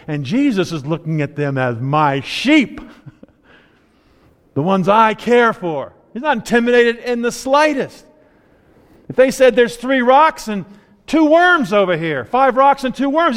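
A man preaching a sermon in a conversational, playful storytelling way, acting out characters' lines in quick asides. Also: high voice, big-room sound.

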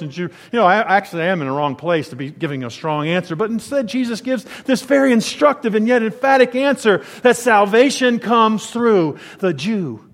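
High-voiced preacher in a reverberant hall. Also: male voice, animated, moderate pace. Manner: swings from low, soft asides to loud, emphatic preaching. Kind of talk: sermon.

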